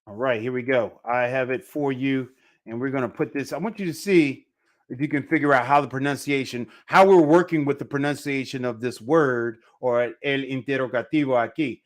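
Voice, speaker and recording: A man teaching a casual live online Spanish lesson, repeating phrases slowly for pronunciation. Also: medium pitch.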